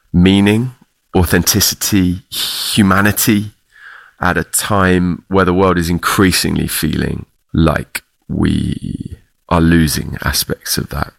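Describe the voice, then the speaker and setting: A man's voice: low-pitched, steady tone, slow pace, gravelly, no room sound. A middle-aged man from the UK, a theater clown, answering interview questions reflectively and laughing often. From United Kingdom.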